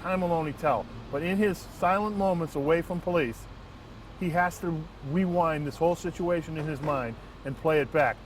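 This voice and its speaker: A man, a transit police lieutenant, telling a work anecdote in an earnest, measured way with frequent restarts. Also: on the high side. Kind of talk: first-person anecdote and reflection. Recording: distant mic, faint outdoor traffic noise.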